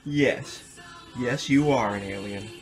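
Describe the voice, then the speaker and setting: A man's voice: medium pitch, slow pace, soft background music, poor audio. A young man who is an artist, talking in a casual, slangy way with rhetorical questions. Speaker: artist and protester. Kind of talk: casual film dialogue.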